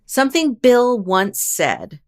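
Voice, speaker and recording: A woman hosting a paranormal storytelling show, narrating casually and chattily with wry asides and quick self-corrections. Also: on the high side, wildly swooping pitch. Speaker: host of a paranormal storytelling channel.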